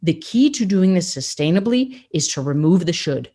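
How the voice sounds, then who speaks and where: Woman, podcast host, low-pitched, emphatic motivational delivery. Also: sing-song, normal speed, warm tone. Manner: emphatic, upbeat, coaching directly to the listener.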